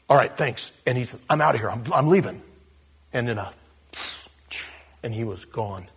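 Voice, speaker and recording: A man, a pastor, telling a story during a casual, animated sermon in a church. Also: mid-range voice, moderate pace, pauses often, breathy edge.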